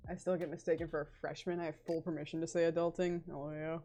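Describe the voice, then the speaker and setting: A woman's voice: low-pitched, level tone, fast, mellow. Young woman streaming her drawing, chatty, swears a lot, faint music behind. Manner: chatty, swears freely, laughs often. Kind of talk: casual livestream chat while drawing.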